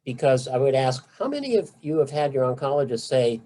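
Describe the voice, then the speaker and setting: A middle-aged man lecturing patients on nerve pain treatment in a relaxed, conversational way. His voice sits in a mellow, warm register at a middling pitch. He speaks with emphasis and friendly asides. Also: fairly quick, low-quality recording. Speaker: physician lecturer. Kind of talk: medical talk to patients.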